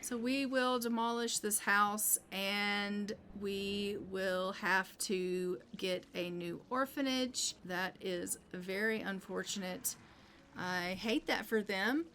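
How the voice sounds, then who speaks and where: A woman with a bright, clear voice talks through a life-sim session in a relaxed, chatty way, thinking out loud about each move. Her pitch sits in an ordinary middle range, and a faint hiss hangs behind her. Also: slow pace. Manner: chatty, thinking aloud as she plays. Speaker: gaming YouTuber. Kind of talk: casual gameplay commentary.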